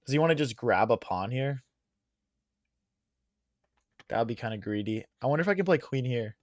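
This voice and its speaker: A man's voice: mid-range voice, expressive, moderate pace, no echo, studio quality. A young man streaming chess, thinking aloud in a chatty way and talking to his viewers, his voice strained from long hours of streaming. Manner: thinks aloud, chatty, addresses chat as guys. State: losing his voice. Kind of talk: casual live-stream commentary.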